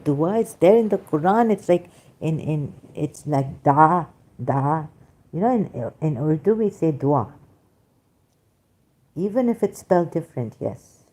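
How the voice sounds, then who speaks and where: Slow, mellow-voiced woman livestreamer. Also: lowish voice. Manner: animated, emphatic, frequent fillers. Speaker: livestream host reading chat. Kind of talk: casual livestream commentary.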